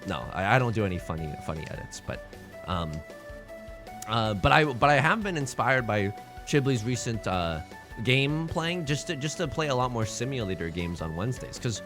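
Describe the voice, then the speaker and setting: A young man streaming a mahjong game, joking with his chat and reacting loudly to his hands. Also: medium pitch, moderate pace, music in the background. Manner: jokey, animated, talks to chat and reacts loudly to tiles. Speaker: Twitch streamer. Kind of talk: casual live-stream commentary while playing mahjong.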